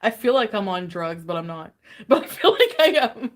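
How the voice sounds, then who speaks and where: A woman's voice: mid-range voice, big pitch swings, normal speed. A woman chatting casually on a livestream, tired and giddy, greeting viewers with bubbly squeals. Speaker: livestream host.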